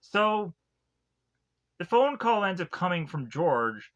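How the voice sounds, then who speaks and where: A man's voice: high-pitched, sing-song, slow, a bit bright, lo-fi sound. A man casually retelling a film's plot as a reviewer, rambling and leaning heavily on "like" and restarts. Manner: rambling, heavy use of "like" and restarts. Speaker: film reviewer. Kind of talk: casual film recap.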